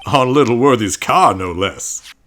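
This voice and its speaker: A hearty middle-aged police chief with a broad southern drawl, as a man puts him on for a game playthrough. He booms out his words with a bright, forceful ring, and his pitch rolls up and down with easy, overfamiliar charm. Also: lively intonation, a little slow, faint music behind. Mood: smooth. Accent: American Southern (put on). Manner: folksy, booming, hands out nicknames.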